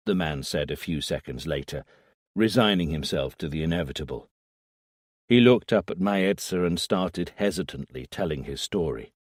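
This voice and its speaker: A man narrating a thriller audiobook in a measured, low-key way on a close mic. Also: expressive, no echo. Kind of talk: scripted narration.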